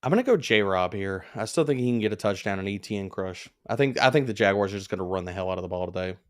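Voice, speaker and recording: Lowish-voiced Southern man giving quick picks. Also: expressive. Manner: quick, decisive picks with folksy phrasing. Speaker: fantasy football analyst. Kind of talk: live Q&A chat.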